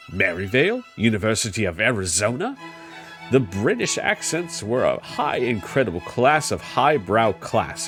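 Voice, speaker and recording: Man, comedy host, reads reviews aloud, sarcastic asides, very animated pitch, faint music behind. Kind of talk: comedic reading of online reviews.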